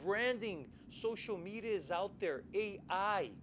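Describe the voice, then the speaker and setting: A man co-hosting a podcast, telling a story in casual, animated style, acting out quoted lines and often adding "right?". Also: sits high, unhurried, slight background noise, low-quality recording. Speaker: podcast co-host.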